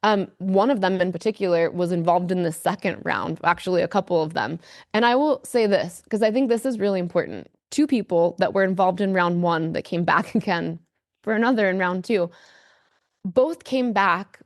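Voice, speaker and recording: A woman's voice: on the low side, moderate pace, no room sound, studio quality. A woman as a podcast guest, speaking candidly and emphatically, with a lot of fillers. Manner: earnest, emphatic storyteller, many fillers.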